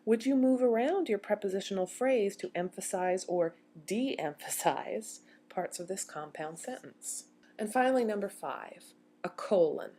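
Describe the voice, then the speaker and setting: A woman's voice: mid-range voice, mellow. A woman giving a recorded grammar lecture as a university instructor, explaining step by step and posing questions to her students.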